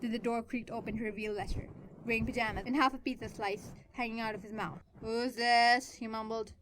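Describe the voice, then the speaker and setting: A woman narrating her own fan fiction, expressive and swinging between soft and loud. Her voice sits fairly high for a woman. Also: fast, noisy background.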